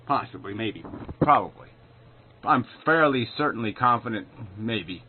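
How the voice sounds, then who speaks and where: A man giving an angry, sarcastic commentary, full of swearing and loud outbursts. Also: on the low side, lively intonation, measured pace, pauses often, husky. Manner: profane, sarcastic, shouting in bursts. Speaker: video commentator. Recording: tinny phone-like sound.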